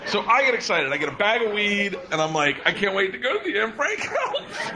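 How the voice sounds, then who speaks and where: A man's voice: fairly high pitch, very animated, normal speed, heavy background noise. A man in his thirties doing a stand-up routine before a live audience, telling a profane story with laughing asides. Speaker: stand-up comedian.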